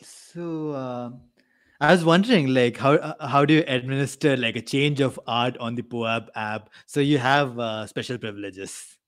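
A man's voice: medium pitch, normal speed, clean tone, no echo. A man hosting a casual livestream interview, asking short questions and giving brief acknowledgements. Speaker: interview host.

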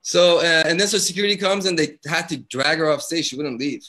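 Quick, bright-voiced man telling a story. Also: fairly high pitch, poor audio. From Iran. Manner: animated, acts out quotes, laughs often. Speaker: guest rapper. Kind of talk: casual storytelling in a live interview.

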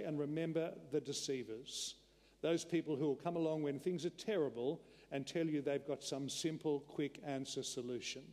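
A man preaching a sermon in an earnest, deliberate way. His voice sits a little high for a man and rings out into a long church echo. He slows down and sinks lower to press home each point. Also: darkish tone.

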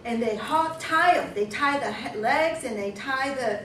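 A woman voicing a rough-talking, cheerful male hog hunter who speaks loud and matter-of-fact, heard from far off in an echoey, noisy room. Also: high-pitched, unhurried. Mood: boastful.

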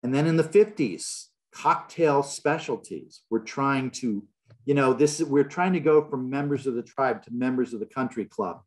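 A man's voice: medium pitch, moderate pace. A man giving an illustrated public lecture in a large hall, telling stories with a wry, joking manner.

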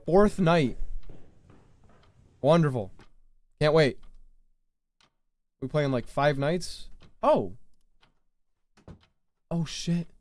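Young guy streaming a scary game, jumpy, yelps and shouts, kinda high voice, bit of music under it. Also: animated, drawn-out words, pauses often, dry recording. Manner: jumpy, reactive, yells when startled. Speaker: gaming streamer. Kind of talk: live gameplay commentary. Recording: faint music behind voice.

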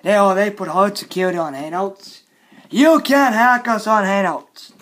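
A man vlogging an angry, repetitive rant, often shouting and scolding. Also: high voice, moderate pace, a little hiss or hum.

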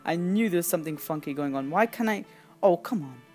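A woman hosting a gaming video, giving excitable, chatty commentary as she plays and often squealing in excitement. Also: lowish voice, fairly quick, soft background music. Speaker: gaming channel host. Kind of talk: casual game commentary.

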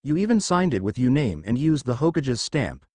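A man's voice: medium pitch, sing-song, normal speed, darkish tone, no echo, studio quality. A man reading the lines of an arrogant teenage boy who believes he is a god, speaking with scorn and condescension in his own voice. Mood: contemptuous.

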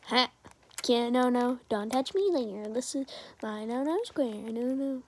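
A woman's voice: a little high, measured pace. Young woman rambling over gameplay. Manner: rambling, chatty, keeps asking to subscribe. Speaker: gaming channel creator. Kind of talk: casual gameplay commentary.

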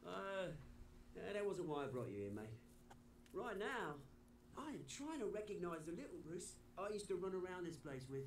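An actor playing a bitter, British-accented gangster in a story game, brooding and sometimes breathy. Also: male voice, high-pitched, very animated, moderate pace, roomy sound, recorded from a distance, a little hiss or hum. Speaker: game character.

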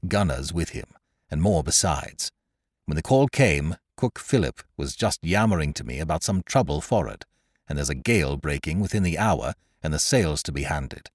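Man doing a stern, low-voiced ship's captain. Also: no echo, studio quality. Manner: commanding, curt, low and hushed.

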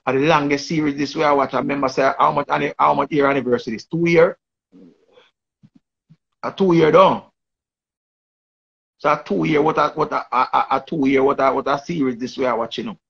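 A man's voice: a little high, fairly even intonation, fairly quick, vocal fry, long pauses, a bit bright, slightly rough, muffled recording. A man with a Jamaican accent giving rambling casual commentary in patois, often repeating and restarting his phrases. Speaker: online commentator.

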